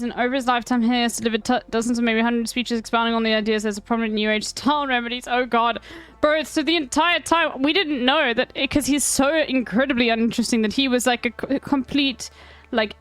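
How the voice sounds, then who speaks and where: A South African woman streamer reading an article aloud in casual chat, breaking off with wry, swearing asides and halting restarts. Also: on the high side, fairly bright tone, clean tone.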